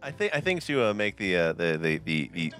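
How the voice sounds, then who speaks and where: A man's voice: low-pitched, very animated, a little fast, a bit bright, soft background music. A man talking casually as the game master of a tabletop game, laughing often and rambling.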